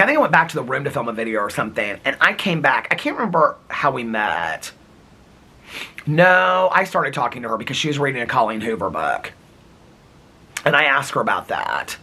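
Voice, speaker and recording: A man's voice: mid-range voice, sharp tone, husky. A man vlogging in casual, rambling storytelling, chatty and openly personal.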